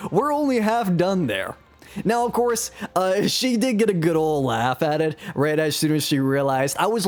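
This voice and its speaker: A man streaming live, telling a story in a casual, self-mocking way and chuckling as he talks. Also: high voice.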